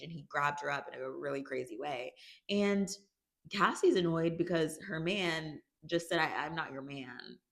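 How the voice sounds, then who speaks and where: A woman with a notably low voice talks through a TV season recap in a loose, chatty way. She is animated and now and then stops the story to react out loud. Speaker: YouTube recap host. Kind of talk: casual TV recap vlog.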